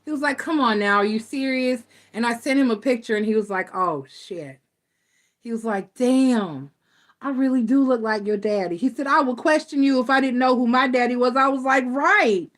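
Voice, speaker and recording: A middle-aged woman hosting a live tarot stream, chatting casually and telling stories in a blunt, animated way. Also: sits high, a little fast. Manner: animated storytelling, blunt and laughing. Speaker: tarot reader host.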